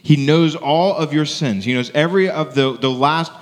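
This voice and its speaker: A man's voice: on the high side, normal speed. Conversational man preaching in a reverberant hall. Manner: conversational preaching, frequent "right?" asides. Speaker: pastor. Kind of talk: sermon. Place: church sanctuary.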